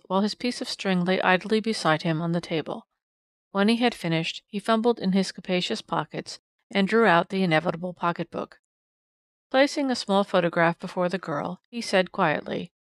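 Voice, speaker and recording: A woman narrating a classic detective story in an even, composed reading. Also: on the low side, dry recording, clean studio sound. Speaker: audiobook narrator. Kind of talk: scripted narration.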